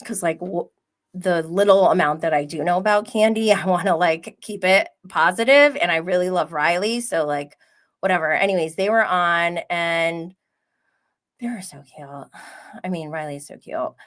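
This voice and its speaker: A woman's voice: on the low side, moderate pace. A young woman hosting a livestream, chatting casually and gossiping about reality TV, acting out what people said and swearing freely. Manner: gossipy, animated, swears freely, acts out quotes. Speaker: livestream host recapping reality TV.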